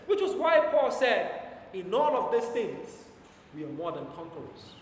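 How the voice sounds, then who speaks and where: A high-pitched man with big pitch swings preaches emphatically to his congregation, his volume rising and falling as he slows deliberately on every scripture line. He's recorded from far off in a very echoey church hall with a long reverb tail and a faint room hum.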